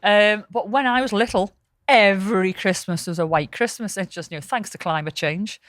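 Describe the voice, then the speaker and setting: A woman's voice: mid-range voice, moderate pace. Chatty woman podcaster. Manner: swearing, storytelling, lively anecdotes. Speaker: podcast co-host. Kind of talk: casual podcast chat.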